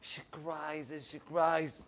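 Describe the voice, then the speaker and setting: A rabbi telling a story, animated and acting out the people in it. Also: male voice, takes it slowly, a little hiss or hum. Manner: animated storyteller, acts out quoted voices, rising pitch in emotional lines. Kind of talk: storytelling sermon. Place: synagogue.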